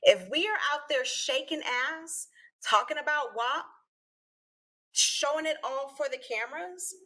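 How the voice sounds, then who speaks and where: A woman co-hosting a talk show, speaking earnestly and emphatically in casual discussion with animated asides. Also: high-pitched, measured pace.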